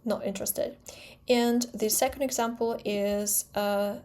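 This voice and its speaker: A woman with a Russian accent who speaks Russian natively, explaining her own accent-training method in quick, precise steps and stressing example sounds. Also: mid-range voice, steady tone, darkish tone. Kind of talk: explanatory talk to camera.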